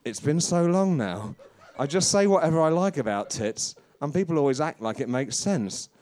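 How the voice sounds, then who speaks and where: A man's voice: on the high side, normal speed, voice pushed up, natural voice. A man doing a crude old comic. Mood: deadpan. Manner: rambling deadpan confessional. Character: crude, bewildered veteran stand-up comedian, male, older. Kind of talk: comedy monologue.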